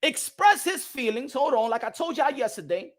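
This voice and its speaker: A man's voice: very high-pitched, animated, normal speed, fairly bright tone. A man hosting a boxing channel, giving a fiery livestream rant that switches between Spanish and English and repeats phrases for emphasis.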